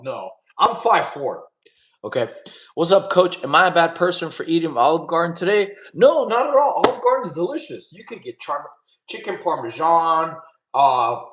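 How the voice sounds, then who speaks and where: A man chatting casually with his livestream audience and answering questions, laid-back and quick to laugh. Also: fairly high pitch, roomy sound, poor audio. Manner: laid-back, chatty, laughs often, addresses chat as y'all. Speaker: streamer answering chat questions.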